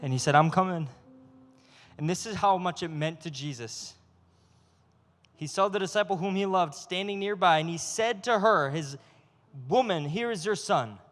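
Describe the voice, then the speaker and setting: A man preaching a sermon as a youth pastor, animated and acting out voices of God and people. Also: high-pitched, in a large hall.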